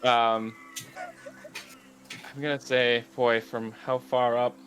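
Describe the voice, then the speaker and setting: A man narrating a tabletop game as game master, relaxed and chatty with many fillers. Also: medium pitch, slow pace, a little hiss or hum.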